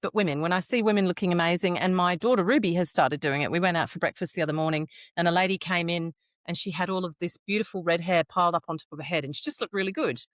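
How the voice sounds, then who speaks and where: A middle-aged woman, co-hosting a podcast in casual chat, chatty and quick to laugh. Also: on the low side, no room sound, studio quality. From Australia. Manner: chatty, laughs often, acts out quoted speech. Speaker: podcast co-host.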